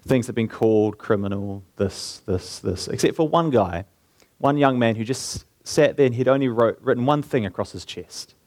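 A man preaching a sermon in an earnest way, slowing down and lifting his voice to stress key points. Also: mid-range voice, a little mellow, no echo. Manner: earnest, slows down and lifts his voice for emphasis.

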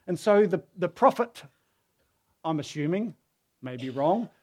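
A man's voice: on the high side, very animated, measured pace. A man preaching a sermon who tells the story casually and acts out the quoted voices.

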